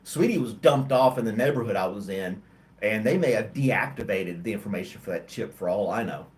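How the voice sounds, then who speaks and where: A man's voice: fairly low pitch, expressive, a little fast, a little mellow. A man hosting a casual livestream chat, tired and yawning, talking in a rambling, hesitant way with many ums and restarts. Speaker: host of a livestream chat show. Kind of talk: casual chat with live chat viewers.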